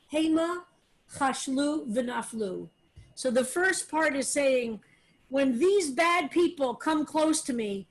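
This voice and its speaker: Slow-teaching woman rabbi, high voice. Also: low-quality recording. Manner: slow, explanatory, with frequent fillers. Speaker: rabbi teaching a text study. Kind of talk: relaxed Hebrew text lesson.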